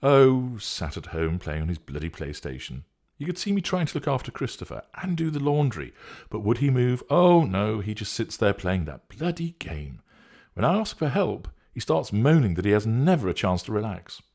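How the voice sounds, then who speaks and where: Man doing a dismissive woman, raised gravelly voice, lively ups and downs. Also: on the low side, normal speed, pitched above the performer's own voice, exaggerated voice. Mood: breezy. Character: anxious, dismissive younger woman on phone.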